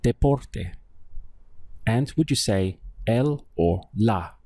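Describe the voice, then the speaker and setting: A man with a fairly low voice leads a language lesson at a very unhurried pace, pausing to quiz the listener. The sound is dry and close, with no room echo. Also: expressive, a little mellow. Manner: patient, quizzing the listener and modeling words slowly. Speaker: Spanish teacher. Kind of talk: slow, deliberate language lesson.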